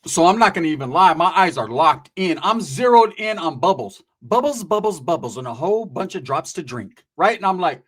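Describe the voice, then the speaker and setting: A man with a notably high voice spins a comic street story. He talks loose and profane, packed with slang, and jumps between his own voice and the people in the story. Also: animated, quick pace, fairly bright tone.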